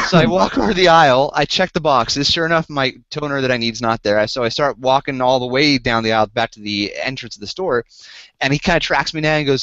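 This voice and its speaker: A man hosting a podcast, telling a story and acting out both sides in an animated, incredulous way. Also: medium pitch, brisk, dry recording. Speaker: podcast host. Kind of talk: casual storytelling chat. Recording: dull lo-fi podcast audio, dry.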